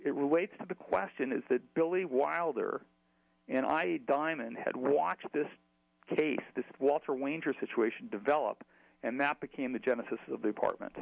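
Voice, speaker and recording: A man's voice: medium pitch, moderate pace, vocal fry, no echo, narrow, tinny audio. A man telling a long story in an interview, chatty, with many fillers and restarts. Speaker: author.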